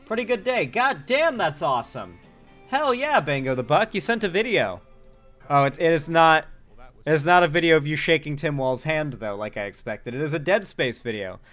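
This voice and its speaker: Male streamer, slightly high voice, casual and profane, faint music behind. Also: expressive, moderate pace, fairly bright tone. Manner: casual, swearing, reading chat aloud. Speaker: streamer and political commentator. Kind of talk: casual livestream commentary.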